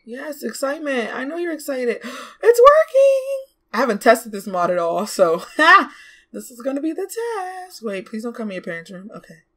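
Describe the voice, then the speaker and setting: A young woman giving casual let's play commentary, chatty and exclamatory, bossing her game characters around out loud and gasping and laughing easily. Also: on the high side. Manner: chatty, scolds and coaxes the game characters aloud; exclamatory, quick to gasp and laugh. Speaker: gaming YouTuber.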